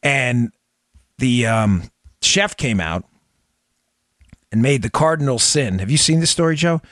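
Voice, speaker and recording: A man hosting a political podcast, talking in an emphatic, animated commentary style and laughing often. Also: medium pitch, measured pace, dry recording, studio quality. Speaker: podcast host.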